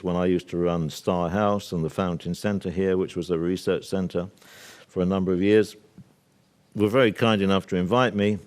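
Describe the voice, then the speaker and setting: An older man from Britain talks to a live audience at a workshop, his voice sitting low. He speaks assertively, filling gaps with ums and wandering into asides before coming back to his point. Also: darkish tone. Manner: discursive, assertive, with many fillers and asides. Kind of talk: public talk to an audience.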